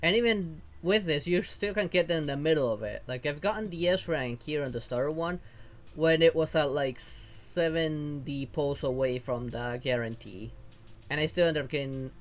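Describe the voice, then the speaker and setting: A man's voice: on the high side, lively intonation, a little slow, faint music behind. A man streaming as a VTuber, casually thinking aloud while he pulls and sorts game rewards. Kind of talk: casual gameplay commentary.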